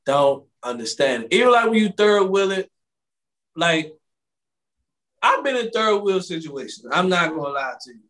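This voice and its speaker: A man hosting a podcast in casual chat, telling animated stories and acting out both sides of conversations into a microphone. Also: high-pitched, normal speed, pauses often. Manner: animated storytelling, acting out exchanges with quoted voices. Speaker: podcast host. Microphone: studio microphone.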